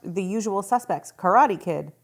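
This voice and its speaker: A woman's voice: medium pitch, animated, moderate pace. A woman co-hosting a casual movie-review podcast, reading trivia aloud in a dry way. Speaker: podcast co-host.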